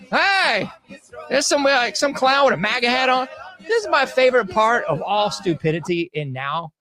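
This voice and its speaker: A man's voice: sits high, sharp tone. A man hosting an online show, giving casual, mocking commentary on news clips in a slangy, laughing manner.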